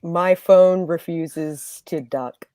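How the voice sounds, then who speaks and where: A woman with a deep voice joins a casual stream chat, mostly chiming in with short, agreeable remarks. Her sound is dry and close. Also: very slow, dark tone, smooth, no echo. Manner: brief, agreeable interjections. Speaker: stream guest.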